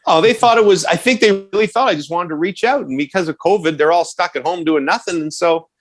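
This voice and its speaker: Here a high-pitched man talks fast over a slight hiss or hum. He's a podcast co-host who tells animated stories in easygoing chat, laughing frequently.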